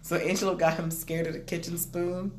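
Chatty animated parent in an echoey room. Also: medium pitch, brisk. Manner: animated, peppered with "like", laughing storyteller. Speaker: parent sharing bedtime struggles. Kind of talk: casual chat. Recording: roomy echo.

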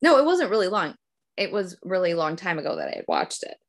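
Middle-aged mom co-hosting a casual chat podcast, chatty and rambling. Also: female voice, on the low side, wildly swooping pitch, fast talker. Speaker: podcast co-host, mother.

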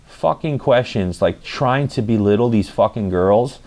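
A man's voice: medium pitch, a little slow, a little mellow. A young man telling a story in a casual, rambling monologue, swearing often and filling gaps with "like" and "you know.". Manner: rambling, profane, full of fillers.

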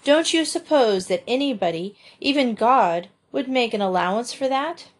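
A prim, proper young farm girl who scolds and reproaches, her voice lifted a little higher, as a woman reads her. She talks in a tidy, correct way that suits an old storybook. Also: expressive, normal speed. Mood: reproachful.

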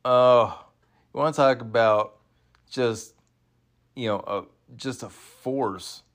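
A man casually commenting along to an old wrestling event. He often bursts into excited exclamations and laughs, then slows down, halting with fillers. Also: mid-range voice. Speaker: watch-along host.

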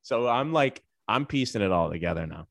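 Animated man telling a profane story. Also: fairly low pitch, fairly quick, creaky, no echo. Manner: animated, profane, acts out quoted voices. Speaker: storyteller on a podcast. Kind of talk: casual comedic storytelling.

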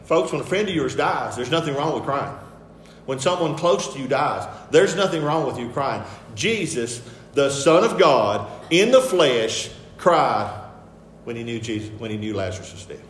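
A man preaching a sermon with picture slides, emphatic and repetitive, shifting between soft asides and loud declarations. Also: medium pitch, animated, fairly quick, a little hiss or hum. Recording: echoey hall with faint ambience.

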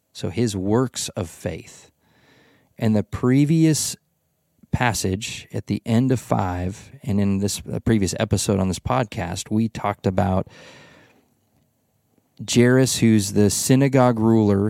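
A man hosting a podcast Bible study, telling the story with lively acted-out quotes. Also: fairly low pitch, vocal fry, no echo, studio quality. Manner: animated storytelling, acts out voices in quotes. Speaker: podcast host. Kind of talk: casual Bible study discussion.

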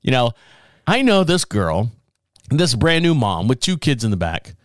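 A man hosting a podcast, telling a story in a casual, profane, animated way and laughing along as he goes. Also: mid-range voice, moderate pace, dry recording, clean studio sound. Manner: profane, animated, laughs through his stories. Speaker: podcast host.

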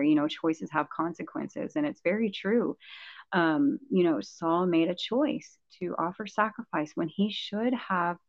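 A woman's voice: lowish voice, a little mellow, dry recording. A woman in a casual Bible discussion who thinks aloud, restarting sentences and chuckling often. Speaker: Bible study co-host. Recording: dull, dry lo-fi sound.

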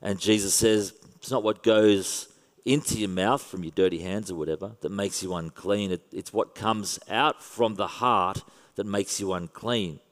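An Australian man preaches in an easy, conversational tone with touches of wry humour. His voice sits low. The sound carries a long hall reverb. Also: moderate pace. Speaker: pastor. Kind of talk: sermon.

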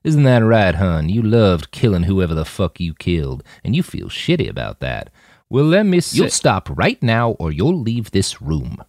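A man's voice: sits low, very animated, moderate pace, few pauses, no echo, clean studio sound. A man playing a harsh, crude mocking man. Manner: harsh, taunting, loud.

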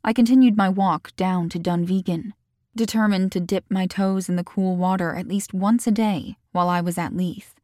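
A woman reading her own novel aloud in a calm, measured first-person audiobook narration. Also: mid-range voice, no room sound, studio quality.

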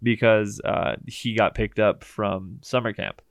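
A man's voice: fairly low pitch, steady tone, a little slow, dry recording, clean studio sound. A man co-hosting a podcast, recapping a movie in casual chat, swearing often and laughing easily. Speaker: podcast co-host.

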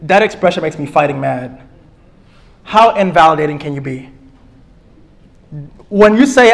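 A man, teaching a class on relationships in an emphatic, preachy way, often slowly repeating key phrases. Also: on the high side, expressive, vocal fry. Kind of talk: sermon-style teaching.

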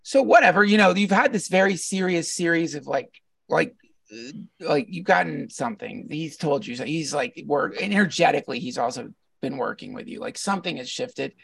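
A man, a podcast guest, telling a heartfelt personal story in an animated, earnest way and often laughing. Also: fairly high pitch, normal speed, vocal fry, breathy edge, far from the mic. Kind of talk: casual storytelling conversation.

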